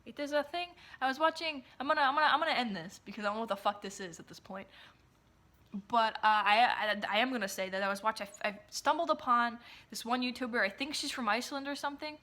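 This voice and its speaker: A woman's voice: fairly high pitch, fast talker, bright, forceful tone. Young woman rambling into her phone. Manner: rambling and candid, swears freely, restarts often. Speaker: vlogger. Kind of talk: casual rambling monologue to camera. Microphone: phone camera.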